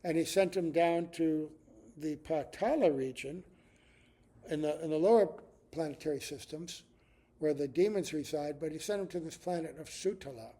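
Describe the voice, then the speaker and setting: Older man telling scripture stories, mellow. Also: fairly high pitch, normal speed. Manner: animated storyteller, often asks "right?". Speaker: spiritual teacher. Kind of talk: storytelling scripture class.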